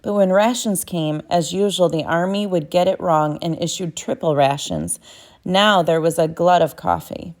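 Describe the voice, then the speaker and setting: A woman's voice: fairly low pitch, moderate pace. A woman narrating a novel as an audiobook, reading steadily with small self-corrections.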